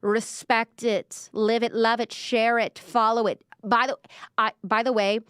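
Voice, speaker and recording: A woman's voice: on the high side, little pitch movement, a little slow, fairly bright tone, clear, resonant tone, no echo, studio quality. A woman, hosting a live pop culture show in a chatty, sarcastic way with lots of fillers. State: out of breath. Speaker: host. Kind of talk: casual pop culture commentary.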